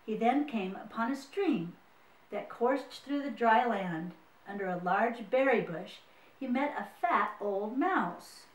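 A woman's voice: fairly high pitch, lively intonation, takes it slowly, recorded from a distance. A woman storyteller reading a picture book aloud, with friendly asides to young listeners. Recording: roomy, mic set away.

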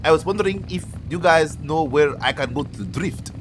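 A man's voice: a little high, very animated, fast talker, fairly bright tone, soft background music. A man voicing a male stranger in a game with an odd, overdone mix of foreign accents. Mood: goofy. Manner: overdone, clumsy put-on accent.

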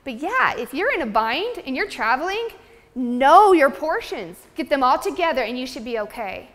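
A high-voiced woman lecturing at a seminar, upbeat and chatty with the audience. Her voice rings with a long reverb through the hall. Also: sing-song, normal speed, a bit bright. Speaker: nutrition seminar presenter. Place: seminar room.

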